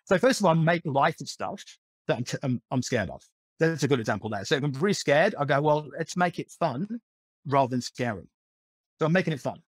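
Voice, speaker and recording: Guest: man, lively storyteller who laughs a lot, dry close sound. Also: a little high, quick pace, slightly rough, no echo. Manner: animated, laughs often, many restarts. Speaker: podcast guest. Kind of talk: storytelling in a casual conversation.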